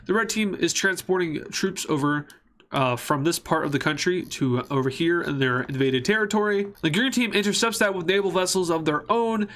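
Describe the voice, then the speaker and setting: A man's voice: sits high, moderate pace, fairly bright tone. A man casually narrating a map series, rambling and joking, often correcting himself mid-sentence.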